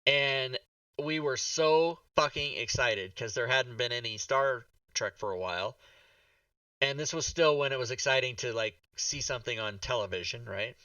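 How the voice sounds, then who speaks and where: A man hosting a podcast, telling a rambling, animated story full of swearing and acted-out reactions. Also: medium pitch, clean tone, no room sound, distant mic, poor audio. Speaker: podcast host. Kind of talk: casual chat.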